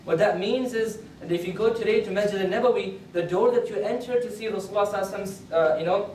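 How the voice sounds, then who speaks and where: A man's voice: high-pitched, racing, darkish tone, distant mic, a little hiss or hum. Man preaching in an echoey mosque hall. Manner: earnest retelling with repeated phrases, voice rising for quoted speech. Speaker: imam giving the Friday sermon. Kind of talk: Friday sermon, storytelling.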